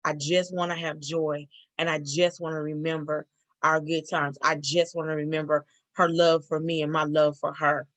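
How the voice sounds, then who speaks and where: A middle-aged woman giving a spoken church testimony, earnest and halting, with many fillers and restarts. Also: deep voice, flat delivery, fairly bright tone, no room sound.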